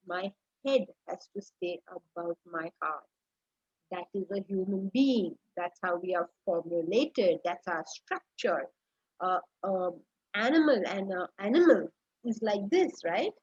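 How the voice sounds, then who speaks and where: A woman's voice: mid-range voice, a little mellow, husky. A woman with an Indian accent teaching a scripture class in a conversational way, often checking in with her listeners and repeating phrases in lists. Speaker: spiritual teacher. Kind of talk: scripture lecture. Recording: dull lo-fi recording.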